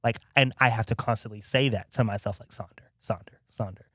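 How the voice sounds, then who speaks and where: A man's voice: lowish voice, a little fast, fairly bright tone, no echo, studio quality. A man hosting a podcast in casual chat, talking expressively, laughing often and acting out quotes. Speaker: podcast host.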